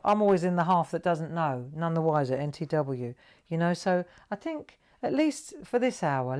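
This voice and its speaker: A woman's voice: sits low, a little mellow. A woman hosting a live craft tutorial, chatting and encouraging viewers as she draws. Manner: chatty, encouraging, talks to viewers while drawing. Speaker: craft show host.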